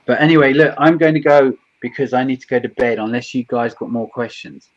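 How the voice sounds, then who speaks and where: A man, a guest on a stream, chatting in an animated, rambling way with some swearing. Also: medium pitch, brisk, no room sound, muffled recording. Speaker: guest youtuber. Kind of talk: casual chat.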